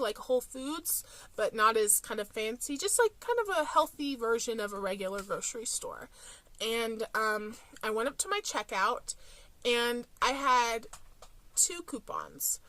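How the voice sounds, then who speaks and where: A young woman talks to her viewers in a chatty, casual vlog style, sprinkling in plenty of ums and likes. Her voice sits a little high and sounds bright and clear. The sound is dry and close. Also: dry recording. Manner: chatty, with frequent "um" and "like". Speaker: couponing vlogger. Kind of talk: casual storytelling to camera.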